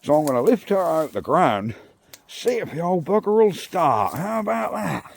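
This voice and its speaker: A man's voice: on the high side, big pitch swings, moderate pace, gravelly. A man chatting cheerfully to viewers, recorded on a phone propped up in an outdoor yard. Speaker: vlogger. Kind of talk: casual chat to camera.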